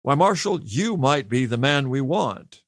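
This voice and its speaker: A man's voice: medium pitch, sing-song, a little slow, no room sound, voice pushed up. A man voicing a cool, sardonic male prisoner who speaks mildly but with contempt. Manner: mild, dry, contemptuous.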